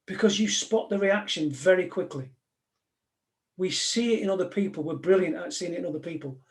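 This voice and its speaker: A former police negotiator gives a live talk to an audience, speaking directly and conversationally and packing it with anecdotes. His voice sits high and runs a little fast.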